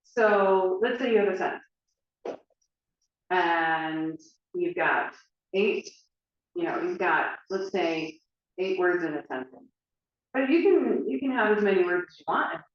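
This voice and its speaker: A woman's voice: lowish voice, lively intonation, measured pace, long pauses, recorded from a distance. A woman teaching dance, talking casually with lots of fillers and everyday examples. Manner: chatty, filler-heavy, explains with examples. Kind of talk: casual instructional talk. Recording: echoey room, dull lo-fi sound.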